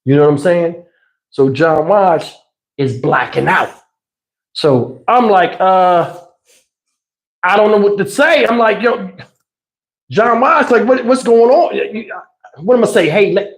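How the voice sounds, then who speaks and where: A man hosting a livestream, telling a wild personal story in an excitable, conversational way. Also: high-pitched, measured pace. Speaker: channel host.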